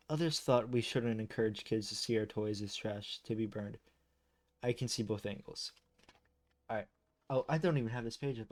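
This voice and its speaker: A man reading pages of game lore aloud at a middle pitch. He keeps tripping over words and restarting them, then drifts into loose, chatty asides that poke fun at himself. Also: darkish tone. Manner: chatty and self-deprecating asides. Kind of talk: reading aloud with casual commentary.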